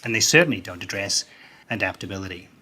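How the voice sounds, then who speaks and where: Man, business consultant, bright forceful voice, low-ish pitch, emphatic, interview answers. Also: expressive, quick pace, husky. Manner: emphatic, repeats key phrases.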